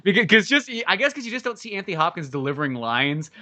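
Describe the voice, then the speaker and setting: A man's voice: sits high, big pitch swings, fast, sharp tone. A young man co-hosting a comedy podcast, rambling casually about movies and swearing freely. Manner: rambling, swears a lot, jokey impressions. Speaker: podcast co-host.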